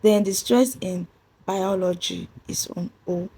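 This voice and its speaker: A woman with a Nigerian English accent teaches a pronunciation lesson in a methodical way, spelling words out letter by letter and repeating her main points. Her voice is gravelly and husky, with a dark, mellow tone. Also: fairly low pitch, a little slow. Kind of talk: classroom-style pronunciation lesson.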